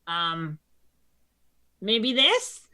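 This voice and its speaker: A woman's voice: medium pitch, very animated, pitched above the performer's own voice, exaggerated voice. A woman doing a timid little kobold. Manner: hesitant, halting, soft and raised. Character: small nervous female kobold, timid and eager.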